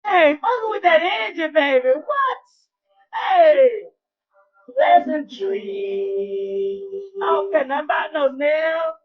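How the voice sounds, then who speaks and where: A woman preaching in a rousing call-and-response style, shouting exclamations to her listeners. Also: very high-pitched, unhurried. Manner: exclamatory, shouts "What?" and "Woo". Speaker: spiritual motivational speaker. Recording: lo-fi with faint music.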